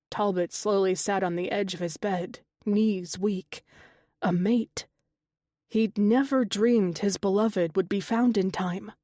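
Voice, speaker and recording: A woman narrating a fantasy romance audiobook in a steady, measured reading style. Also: medium pitch, no room sound, clean studio sound. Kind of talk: scripted narration.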